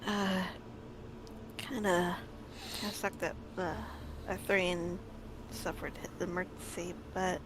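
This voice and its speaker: A woman player thinking aloud about the game, pausing often between phrases. A clear hiss runs through her home voice chat line. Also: on the low side, level tone. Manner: halting, thoughtful. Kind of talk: casual chat.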